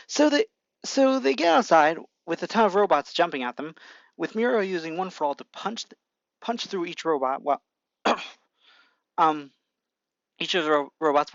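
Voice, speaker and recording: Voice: medium pitch, a bit bright. An amateur narrator reads their own fan fiction in a rambling way, restarting sentences often. The sound is dull and lo-fi from a home mic. The room is dry, with no echo. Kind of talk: casual fan-fiction reading.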